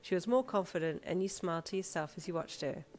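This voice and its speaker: A woman narrating a romantic fan fiction story in a calm, even storytelling manner. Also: lowish voice, fast.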